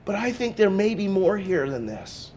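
Man preaching with sharp loud-soft swings. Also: high voice, very animated, normal speed, a little hiss or hum. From Pacific Northwest. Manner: preaching with sharp swings between loud emphasis and quiet intensity. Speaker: pastor. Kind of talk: sermon. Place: church sanctuary.

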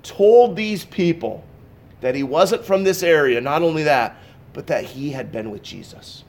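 Man preaching with sharp loud-soft swings. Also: a little high, animated, a little slow. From Pacific Northwest. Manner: preaching with sharp swings between loud emphasis and quiet intensity. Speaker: pastor. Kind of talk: sermon. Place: church sanctuary.

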